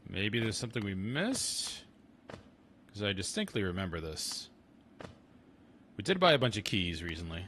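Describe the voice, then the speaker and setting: A man with a fairly low voice talks his way through a game stream, chatty one moment and muttering to himself the next. The recording carries a clear layer of noise and clicking. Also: big pitch swings, moderate pace, pauses often, fairly bright tone. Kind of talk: casual gameplay commentary.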